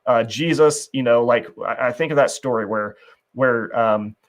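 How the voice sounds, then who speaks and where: A man's voice: mid-range voice, moderate pace. A man hosting a talk show, speaking earnestly and reflectively in a conversational faith discussion, often restarting his phrases.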